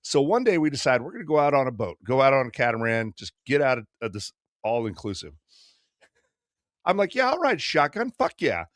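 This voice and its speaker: A man's voice: mid-range voice, lively intonation, brisk. A man in his fifties spins a profane travel story in a loose podcast chat. He acts out the people he quotes, and his voice rises and falls widely. The sound is dry and close, with no room echo. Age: 50s. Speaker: podcast host.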